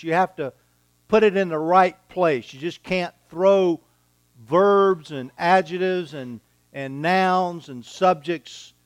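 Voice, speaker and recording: Male preacher, high smooth voice, emphatic, dry close sound. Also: dry recording. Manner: deliberate, emphatic teaching with repeated phrases. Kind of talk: expository sermon.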